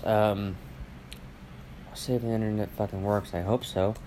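A man with a somewhat low voice talks on his own podcast in a loose, meandering rant. He swears constantly and circles back with fillers and false starts. Faint household noise hums behind him at home. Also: little pitch movement, normal speed, warm tone. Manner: rambling, profane, lots of fillers and restarts. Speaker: podcast host. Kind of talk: rambling solo podcast rant. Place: at home with family around. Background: faint household noise, dogs and TV.

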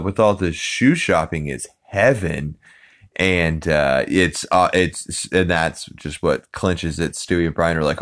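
A man's voice: low-pitched, clear, resonant tone. A man hosting a podcast, casually recapping a cartoon episode in a rambling way with many fillers. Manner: rambling, many ums and uhs, acts out quotes. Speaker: podcast host.

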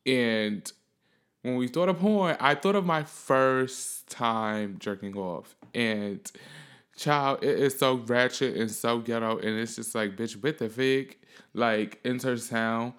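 A man's voice: mid-range voice, slow, fairly bright tone, smooth. A young man hosting a solo podcast, telling a story in a casual, profane, rambling way. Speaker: podcast host.

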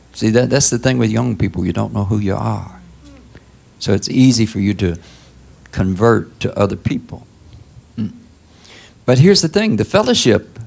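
A man preaching a sermon in a conversational style, prodding listeners with "huh?" and leaping up high for emphasis. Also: creaky, darkish tone, slightly rough. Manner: conversational preaching with call-outs like "Huh?" and sudden high exclamations. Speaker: pastor.

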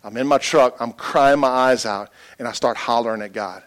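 A man preaching a sermon, telling a personal story with emotion, dropping quiet then building loud. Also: mid-range voice, normal speed, few pauses.

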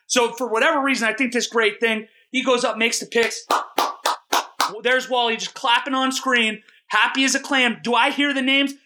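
A young man co-hosting a podcast, telling a long rambling story in a self-mocking, excitable way. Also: very high voice, moderate pace. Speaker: podcast co-host. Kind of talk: casual storytelling chat.

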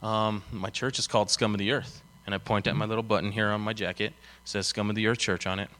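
A young pastor from Colorado, USA, gives a casual, chatty sermon at church, full of fillers as he tells stories and acts out quotes. His voice is fairly low and fairly bright, with a flat delivery at a fast pace.

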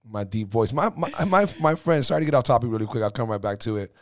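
A man's voice: mid-range voice, expressive, very fast, dry recording, studio quality. A man hosting a podcast interview, talking loosely and with a lot of profanity, often restarting his sentences. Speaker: podcast host. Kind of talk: casual interview chat.

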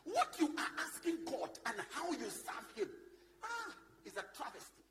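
A Kenyan man preaching a sermon in a very high voice that leaps up and down. He swings from loud shouting to quiet asides, passionate and forceful before his congregation. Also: huge pitch swings, normal speed, over music. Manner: passionate, shifts from loud shouting to low asides, mixes in Swahili. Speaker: bishop and preacher.

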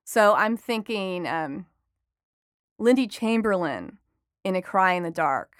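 A woman's voice: medium pitch, slow pace, no echo, clean studio sound. Chatty woman reporter telling stories. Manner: chatty, animated storytelling with frequent laughs. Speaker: entertainment reporter and author, interview guest. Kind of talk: conversational interview.

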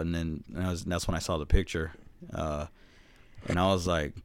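A man's voice: low voice, fairly even intonation, moderate pace, clean tone, dry recording. A man in his twenties co-hosting a podcast, telling a story in a laid-back way, swearing and laughing often. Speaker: podcast co-host. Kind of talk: casual chat.

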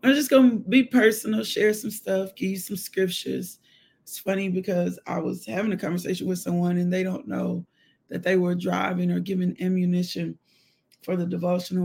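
A woman hosts a live devotional. She is emotional and exclamatory, breaking into spoken prayer and shouts of praise. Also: lowish voice, creaky, breathy edge. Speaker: devotional host.

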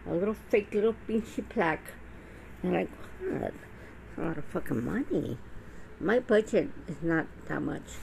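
A woman's voice: lowish voice, animated, normal speed, creaky, a little mellow, slight background noise, low-quality recording. A middle-aged woman talking straight to camera in a blunt, profane, rambling monologue full of restarts. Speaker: vlogger. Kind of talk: casual monologue.

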